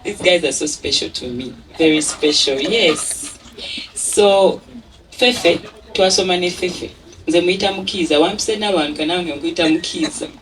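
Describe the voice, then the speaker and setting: A woman's voice: lowish voice, a little slow, fairly bright tone, slight background noise. A woman with a Ugandan accent giving an emotional thank-you speech at an event. She laughs often and mixes English with Luganda. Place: event venue. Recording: distant mic with a crowd behind.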